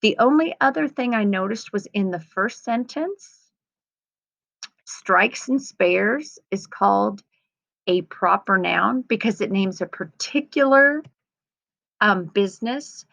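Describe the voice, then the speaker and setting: A woman teacher gently talking young students through editing her writing, reading aloud patiently. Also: medium pitch, expressive, takes it slowly, gravelly, no room sound. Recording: slightly dull lo-fi sound.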